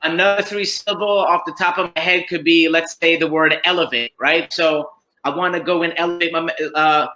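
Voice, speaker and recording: Brief: relaxed male rapper guest, casual chat, fairly high, bright voice. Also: brisk, low-quality recording. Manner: easygoing, encouraging, says bro and man.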